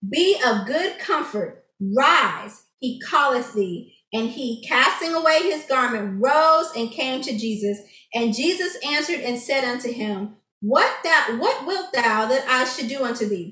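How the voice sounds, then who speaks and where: A woman's voice: sits high, sharp tone. An enthusiastic woman teaching a Bible study, reading scripture aloud and explaining it in chatty, filler-filled talk. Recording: echoey room, distant mic.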